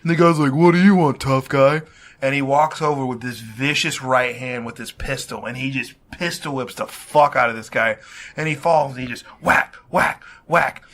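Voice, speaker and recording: Podcast guy, bright voice, laughs a lot telling movie bits. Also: mid-range voice, moderate pace. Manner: laughs while telling stories, shouts out impressions. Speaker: podcast co-host. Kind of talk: casual chat.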